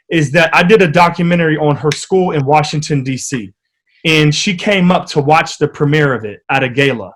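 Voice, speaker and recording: A man from the United States, a podcast guest telling stories in a lively, animated way during a casual interview. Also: fairly high pitch. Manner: animated, vivid storyteller.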